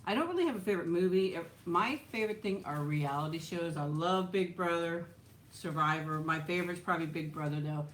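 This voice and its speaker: Chatty woman streaming live, lower voice. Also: fairly quick, a little hiss or hum. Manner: chatty, laughs often, trails off with "so". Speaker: livestream host. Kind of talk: casual live chat reading viewer comments.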